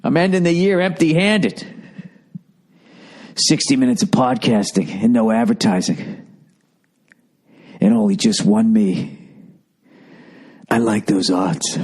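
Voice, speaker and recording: A man's voice: medium pitch, animated, slow pace, long pauses, a little mellow, breathy edge. A man in his forties with a Boston accent, hosting a podcast as a casual monologue and ranting sarcastically, swearing often. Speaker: podcast host.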